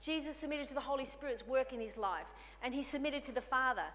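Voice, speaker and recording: Woman preacher, higher voice, bright and forceful, conversational sermon, reverberant church hall. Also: fast talker, slight background noise. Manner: conversational, acts out dialogue with herself.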